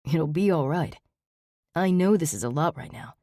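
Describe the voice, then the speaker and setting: Gentle, reassuring young man in a storybook, voiced by a woman, low and calm. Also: moderate pace, no echo, studio quality. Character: kind young man, gentle concerned friend.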